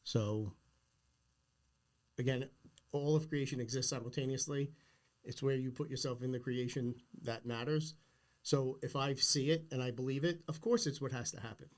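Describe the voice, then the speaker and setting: A man's voice: mid-range voice, moderate pace. A middle-aged man hosting a podcast, talking earnestly and emphatically in a philosophical, casual conversation. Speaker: podcast host.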